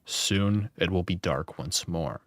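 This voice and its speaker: Young male gamebook reader: low voice, dry close sound, casual and wry. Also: slow pace, fairly bright tone, no echo. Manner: casual, wry, swears and laughs at his own slips. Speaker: gamebook player and channel host. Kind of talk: reading a gamebook aloud with casual commentary.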